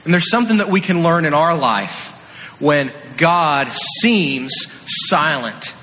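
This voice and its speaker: An energetic male preacher tells a story to his congregation with a playful, lively delivery. His high, bright voice carries through a long, echoing hall. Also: slow. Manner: energetic, playful, acts out scenes. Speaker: youth pastor. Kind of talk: animated sermon storytelling. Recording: echoey hall.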